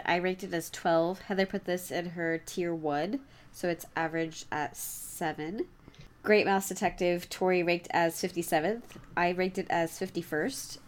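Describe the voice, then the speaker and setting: A woman with a somewhat low voice chats on a podcast in a bubbly way and laughs often. She restarts her sentences as she thinks aloud. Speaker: podcast co-host. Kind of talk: casual chat.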